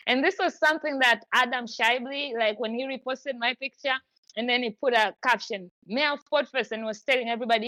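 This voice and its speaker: A woman's voice: on the high side, a little fast, bright, forceful tone, no echo, low-quality recording. A woman hosting a podcast, chatting effusively in long run-on stretches. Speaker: podcast host. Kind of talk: casual chat.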